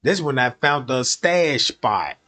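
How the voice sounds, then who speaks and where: A man's voice: medium pitch, lively intonation, slow, pushed and bright. A man streaming, telling a crude comic story in a profane, rambling way and often checking that listeners follow.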